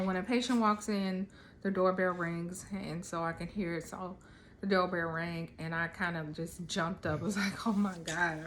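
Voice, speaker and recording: A woman in her thirties talking casually to camera at home, relaxed and rambling with lots of ums. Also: mid-range voice, a little hiss or hum. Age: 30s. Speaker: vlogger. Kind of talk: casual chat.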